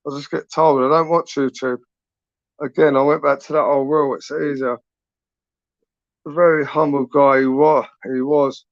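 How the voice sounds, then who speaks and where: A man hosts his channel in a loose, rambling live chat, peppering his talk with swearing and "innit". His voice sits a touch high. The sound is dry and a little dull, with no room around it. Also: little pitch movement, moderate pace, pauses often, no echo. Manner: rambling, sweary, frequent tag questions. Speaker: YouTube channel host. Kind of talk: casual live-stream chat.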